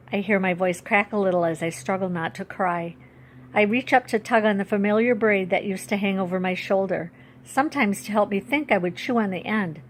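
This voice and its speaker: A woman author reading her own storybook aloud in a steady, clear, expressive way. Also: mid-range voice, slight background noise.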